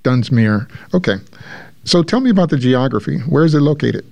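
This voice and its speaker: A man's voice: a little high, expressive, fairly quick, vocal fry, darkish tone, no echo. A man hosting a public radio show, asking his guest questions in a friendly, conversational way. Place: radio studio. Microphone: studio mic.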